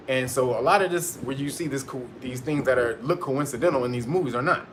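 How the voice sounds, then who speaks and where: Male livestream host, mid-pitched, casual, profane and emphatic, laughs a lot, faint background noise. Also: fairly quick, few pauses.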